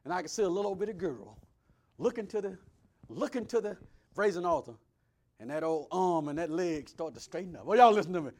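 A man preaching a sermon, swinging between loud preaching and hushed asides. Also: sits high, lively intonation, brisk. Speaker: pastor.

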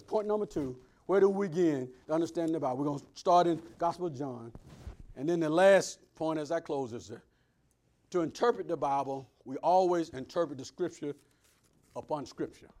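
A man preaching a sermon, swinging between loud preaching and hushed asides. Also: a little high, a little fast. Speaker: pastor.

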